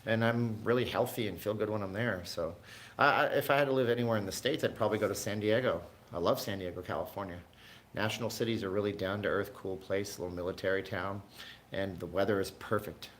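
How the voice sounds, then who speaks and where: A man originally from Canada hosts a relaxed livestream from his home, drifting from one thought to the next as he answers his viewers. His voice sits on the low side, with a faint hiss behind it. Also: a little fast. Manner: rambling, chatty, answers viewers' chat. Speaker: livestream host. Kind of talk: casual livestream chat.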